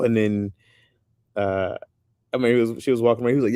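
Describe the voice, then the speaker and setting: Casual male streamer, deep voice, dry close sound, animated and loose. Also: fairly quick, long pauses, dry recording. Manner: loose and animated, says "bro" often. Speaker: streamer chatting with viewers. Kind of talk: casual chat.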